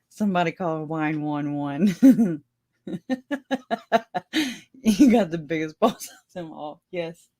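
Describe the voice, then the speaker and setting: A woman's voice: low voice, extremely slow, pauses often, dark tone. A woman hosting a casual livestream, chatting with her viewers and laughing often as she talks. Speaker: livestream host.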